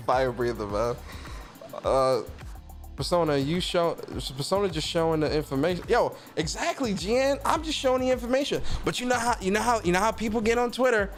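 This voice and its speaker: A man hosting a casual gaming news livestream, talking in a slangy, animated way and reading out chat comments. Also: high-pitched, brisk, soft background music. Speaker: host of a gaming news stream.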